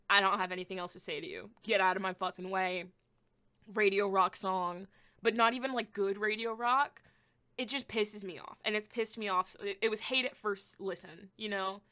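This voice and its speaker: Young woman podcast host, bright voice, super excitable, swears a ton, gushes then rants. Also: mid-range voice. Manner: excitable, swears freely, gushing and blunt. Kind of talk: casual album review.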